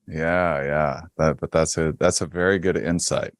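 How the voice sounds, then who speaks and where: A man guesting on a podcast in casual chat, speaking with a slow, calm, grounding cadence and frequent hesitant restarts. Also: very deep voice, no echo, studio quality. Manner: hesitant restarts, repeated words.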